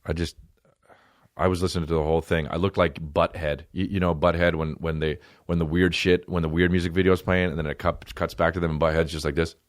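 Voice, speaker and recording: A man's voice: sits low, flat delivery, fast talker, no room sound, studio quality. A man in his thirties hosting a podcast, telling a story in a profane, rambling comic monologue, with mock voices thrown in. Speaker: podcast host. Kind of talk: casual comedic monologue.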